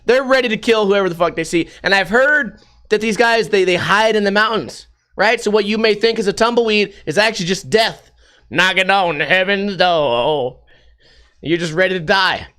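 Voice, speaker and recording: A man's voice: sits high, a little fast, bright, forceful tone. A man hosting a podcast, rambling through a casual, sarcastic and profane monologue. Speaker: podcast host.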